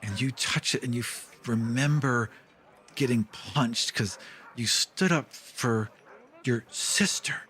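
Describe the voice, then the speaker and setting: A man narrating a tabletop game as game master, relaxed and descriptive, with frequent fillers. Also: mid-range voice, slow pace.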